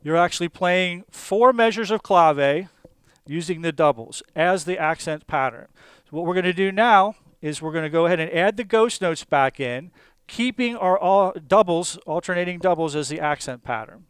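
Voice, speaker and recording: Calm, methodical male drum teacher. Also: sits high, normal speed, clear, resonant tone, dry recording. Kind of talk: instructional explanation.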